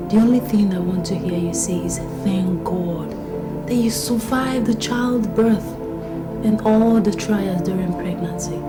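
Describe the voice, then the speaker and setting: A woman with a Nigerian accent, acting in a film drama as a friend who comforts and firmly encourages a young new mother. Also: lowish voice. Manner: soothing and urgent, repeats reassurances. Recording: echoey room with loud music score.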